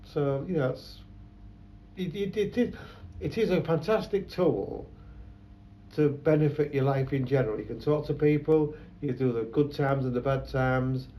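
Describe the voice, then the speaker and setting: A man's voice: medium pitch, moderate pace, warm tone, slight background noise, rough recording. A man, a photographer telling rambling anecdotes in an interview. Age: 70s. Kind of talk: conversational interview.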